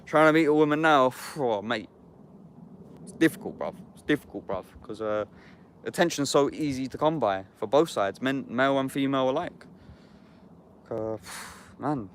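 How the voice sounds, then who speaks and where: A young man chats casually to his livestream audience. His talk is loose and slangy, full of swearing and bruv. His voice sits at an ordinary mid pitch. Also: animated, normal speed, slight background noise. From Epsom, England. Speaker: YouTuber talking to viewers.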